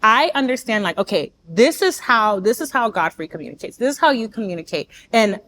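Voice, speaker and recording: A woman's voice: fairly high pitch, big pitch swings, brisk, fairly bright tone. A woman from Nigeria, a guest in casual chat, who acts out quoted lines as she explains.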